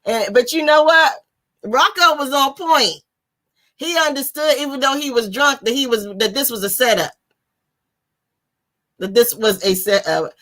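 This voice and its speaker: Laughing woman, unhurried, chatty. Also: high-pitched. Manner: laughing, animated, slangy. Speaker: host of a book discussion. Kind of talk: casual live chat.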